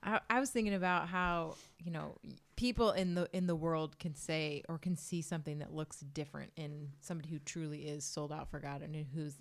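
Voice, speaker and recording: A woman in a casual group discussion, sharing a thought in a reflective, slightly halting way. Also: low-pitched, fairly even intonation, vocal fry.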